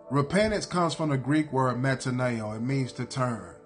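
A man's voice: mid-range voice, animated, normal speed, few pauses, faint music behind. A man preaching a sermon in a blunt, repetitive cadence, hammering his points again and again.

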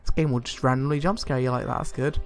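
A young man giving casual, excitable gameplay commentary, swearing a lot and laughing often. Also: mid-range voice, quick pace. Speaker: let's play gamer. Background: faint game music.

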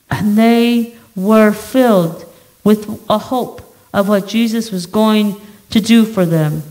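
Slow, measured woman preaching. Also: medium pitch, a little mellow, poor audio. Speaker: pastor. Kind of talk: sermon. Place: church sanctuary.

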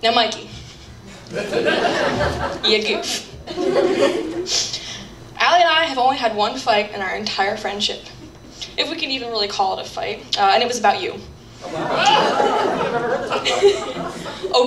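A young woman with a fairly high voice delivers an earnest, heartfelt toast to the newlyweds. She is picked up from a distance in a roomy reception hall, with faint noise behind her. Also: animated, takes it slowly, long pauses, a loud crowd. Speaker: maid of honor giving a toast. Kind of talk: wedding reception speech.

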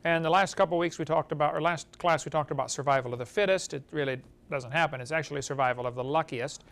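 A man's voice: on the high side, fast talker, fairly bright tone. A man giving a classroom lecture, telling folksy stories and chuckling at his own jokes.

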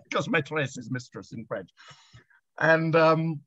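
A man's voice: fairly high pitch, sing-song, normal speed, a bit bright, slightly rough, no room sound. A middle-aged Australian man, a guest author telling anecdotes over a video chat, chatty and laughing with frequent restarts. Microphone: video call. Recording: dull lo-fi video call.

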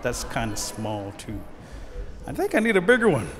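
A male storyteller plays a friendly Thunder spirit from a folk tale, gentle and coaxing. The voice moves widely in pitch. The recording carries long reverb and faint noise. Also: wildly swooping pitch, normal speed.

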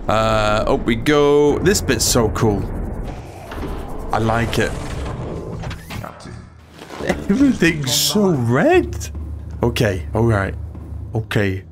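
A man's voice: mid-range voice, very animated, extremely slow, pauses often, noisy background. A man hosting a gaming channel, giving jittery let's-play commentary full of swearing and muttered self-talk. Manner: jittery, swears a lot, talks to himself.

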